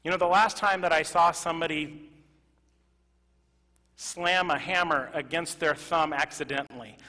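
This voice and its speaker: Bright-voiced preaching man in echoing church. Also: fairly high pitch, fairly even intonation, normal speed. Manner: swings between loud emphatic exclamations and quiet earnest asides. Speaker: pastor. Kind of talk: sermon. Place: church sanctuary. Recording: reverberant church hall.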